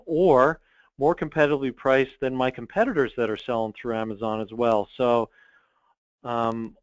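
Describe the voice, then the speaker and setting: A man's voice: medium pitch, no echo, highs cut off. A man who owns an online store, talking directly and confidently as a guest in a business interview, with frequent ums. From United States.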